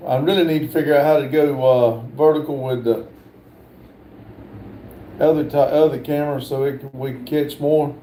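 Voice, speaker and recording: A middle-aged man hosting a casual livestream, reading viewer comments aloud in a slow, halting way with many "uh" fillers. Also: mid-range voice, steady tone, warm tone, reverberant, a little hiss or hum. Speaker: livestream host.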